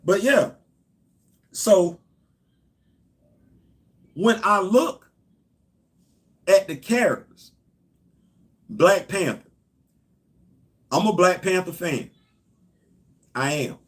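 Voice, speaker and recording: The host of this casual livestream has a high-pitched, animated voice and speaks very slowly, leaving long pauses. He speaks right to his viewers, emphatic and repetitive as he pushes his points.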